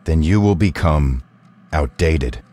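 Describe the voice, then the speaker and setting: An earnest male robot, voiced by a man, talks in careful, complete sentences. His voice is very deep. He sounds sincere and almost human. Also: expressive, takes it slowly, dark tone, heavily acted. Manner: earnest, pleading, carefully worded.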